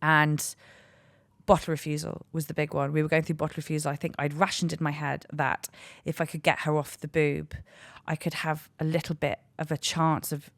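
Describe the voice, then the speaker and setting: A woman in her thirties with a low voice tells a story with frank, self-mocking humour. She rambles and restarts her sentences as a comic podcast host. She is recorded dry and close on a studio mic. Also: level tone, normal speed, no echo. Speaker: podcast host and stand-up comedian.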